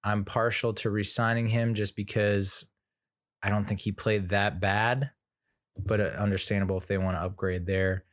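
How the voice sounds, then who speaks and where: A man's voice: on the low side, little pitch movement, normal speed, no room sound, studio quality. A man hosting a sports podcast, talking frankly in a casual, rambling monologue with frequent fillers and restarts.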